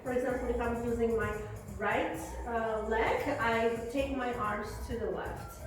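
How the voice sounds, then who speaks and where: A woman's voice: fairly high pitch, steady tone, a little slow. A woman teaching a beginner belly dance class, explaining moves and counting steps aloud as she demonstrates. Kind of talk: online dance lesson, counting beats. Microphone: phone camera at a distance. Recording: very echoey room, voice from far off, faint music.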